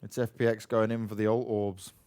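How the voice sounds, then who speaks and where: A man casting an esports match, giving play-by-play commentary with excitable, joking banter alongside his co-caster. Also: lowish voice, a little fast, smooth. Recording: noisy game sound behind voice.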